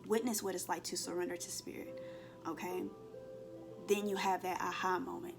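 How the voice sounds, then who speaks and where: A woman's voice: on the low side, normal speed, creaky. Earnest woman giving a spiritual reading. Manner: earnest, repeats "okay?" to check in with listeners; emotional, expressive, acts out inner voices. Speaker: spiritual card reader. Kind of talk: collective tarot-style reading to viewers. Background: soft background music.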